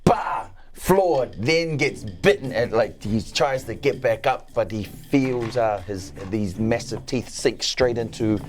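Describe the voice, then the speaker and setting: A man's voice: on the low side, measured pace, hardly any pauses, faint music behind. A man describing his character's actions as a player in a tabletop game, loose and rambling. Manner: loose, rambling narration with fillers. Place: studio.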